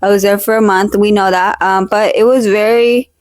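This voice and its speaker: Recorded with no room sound, a young woman of medium pitch speaks in a steady tone at moderate pace into her own close-held desk mic. Vlogging from her decorated room at home, she keeps the chat casual, rambling, and jokey, packed with fillers and teasing fake-outs.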